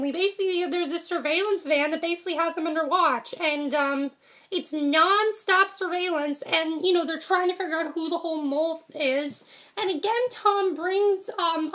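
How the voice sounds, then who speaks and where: Young woman, high pitch, chatty rambling reviewer who keeps correcting herself and saying sorry. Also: a bit bright. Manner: rambling, self-correcting, frequent ums and apologies. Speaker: TV episode reviewer. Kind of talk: casual video review.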